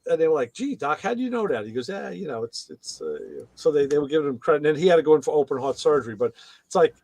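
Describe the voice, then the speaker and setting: A man's voice: fairly high pitch, racing, warm tone, no echo. A man chatting casually on a podcast, retelling TV episodes and acting out the characters' lines in raised voices. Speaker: podcast co-host.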